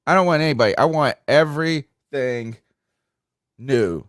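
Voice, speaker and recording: A man hosting a sports podcast call-in show, talking in a frustrated, rambling way and trailing off quietly at times. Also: mid-range voice, a little slow, no room sound, clean studio sound. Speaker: podcast host taking calls. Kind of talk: casual postgame call-in talk.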